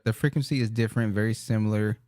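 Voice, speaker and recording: A man co-hosting a casual podcast, tossing in quick jokes and laughing a lot. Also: lowish voice, fairly even intonation, mellow, no room sound, studio quality. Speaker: podcast co-host.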